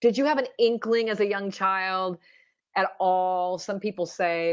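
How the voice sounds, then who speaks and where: A woman's voice: medium pitch, moderate pace. A woman hosting an interview show, asking questions in an encouraging, gushing way. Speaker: radio interview host. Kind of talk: casual interview chat. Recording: dull lo-fi sound.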